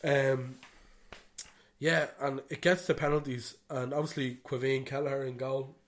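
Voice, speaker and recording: A man's voice: mid-range voice, steady tone, unhurried. Chatty Irishman telling a story. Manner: rambling, swears freely, "you know what I mean". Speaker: podcast co-host. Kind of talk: casual chat.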